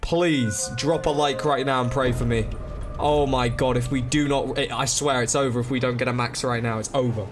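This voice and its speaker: A young man commentating his game live, excitable, swearing and begging the game for help. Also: mid-range voice, normal speed. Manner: swears, begs and pleads under pressure. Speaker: gaming streamer. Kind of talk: frantic live gameplay commentary. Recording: loud game music behind. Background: game music.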